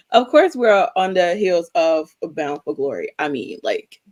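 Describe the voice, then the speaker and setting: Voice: medium pitch, big pitch swings, unhurried, a little mellow, dull audio. A podcast co-host asking questions in a chatty, enthusiastic casual interview.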